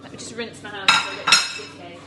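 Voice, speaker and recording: A woman's voice: medium pitch, steady tone, brisk, recorded from a distance, heavy background noise. A woman chatting to live viewers while cooking at home, laughing often. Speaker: cooking vlogger. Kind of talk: live-stream cooking chat. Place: home kitchen. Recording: echoey kitchen, clattering pots.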